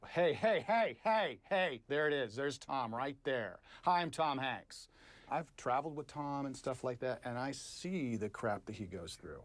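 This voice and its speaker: A man's voice: mid-range voice, expressive, normal speed, fairly bright tone. Regular guy rambling in an interview, middle voice, easygoing. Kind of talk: casual interview talk.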